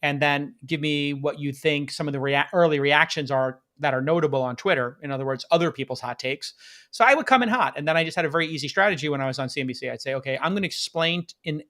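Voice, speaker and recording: Guy hosting a live podcast stream, slightly high voice, gets super hyped. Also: quick pace. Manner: excitable, hyping the audience. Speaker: podcast host.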